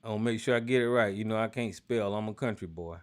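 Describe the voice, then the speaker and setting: A man hosting a call-in talk show from the United States, ranting hotly with lots of cursing, then dropping into a slower, lower drawl. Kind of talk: profane political rant and call-in talk.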